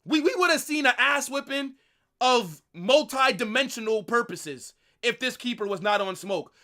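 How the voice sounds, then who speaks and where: Young male streamer, livestream football reaction, excitable and exasperated, bright tone, very animated delivery. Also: very high-pitched, moderate pace. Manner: excitable, exasperated ranting with swearing and repeated phrases. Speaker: football watch-along streamer. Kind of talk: live match reaction.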